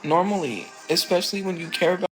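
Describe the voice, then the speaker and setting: A woman's voice: on the low side, quick pace, soft background music, low-quality recording. A woman streamer talking in a rambling, emotional, confessional way. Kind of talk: casual rambling stream talk.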